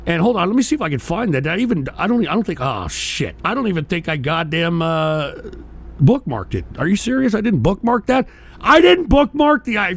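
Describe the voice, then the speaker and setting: A man's voice: on the high side, slightly rough. A man hosting a live-streamed political talk show, ranting profanely and combatively at commenters in the chat.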